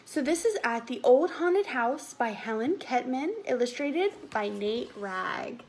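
A preschool teacher reading a picture book aloud to young children, animated and coaxing them to count along. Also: female voice, a little high, measured pace, slight background noise.

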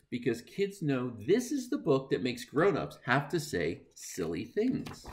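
A middle-aged man reads a children's book aloud to kids in a playful, mock-dismayed voice. His pitch leaps all over the place, and his unhurried delivery keeps breaking into silly nonsense sounds. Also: darkish tone. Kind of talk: animated read-aloud for kids.

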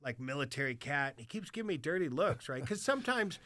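A man tells wild stories with a bright, forceful voice, swearing freely and laughing as he goes. His voice sits a little high for a man, and the sound is close and dry. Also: quick pace, no room sound. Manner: animated, profane, laughs often. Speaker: guest musician telling stories. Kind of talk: casual storytelling chat.

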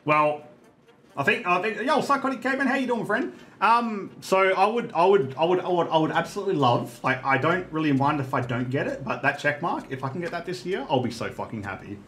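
A man hosting a casual stream podcast, animated and swearing freely, laughing often. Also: a little high, fairly quick. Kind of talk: casual chat on a livestream. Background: faint music.

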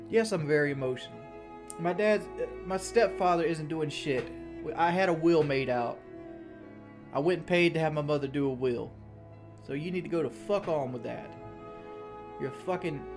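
A man with a slightly high voice unloads his frustrations to a live-stream audience, swearing freely and doubling back mid-sentence as he talks. He rambles in a loose, casual way, answering his chat as he goes. Faint music plays quietly behind him. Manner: venting, frustrated, heavy swearing.

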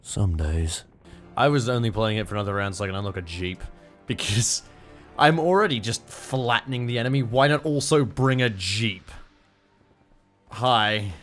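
A young Australian man giving let's-play commentary, excitable, swearing and yelping at the action on screen. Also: mid-range voice, normal speed, faint music behind. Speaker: gaming YouTuber.

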